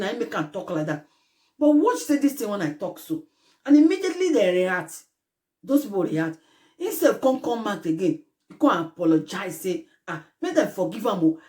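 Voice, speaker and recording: A woman's voice: a little high, sing-song, moderate pace, warm tone. A woman with a Nigerian accent giving a casual commentary to her viewers, speaking in a Pidgin-mixed, preachy way that grows impassioned. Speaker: vlogger.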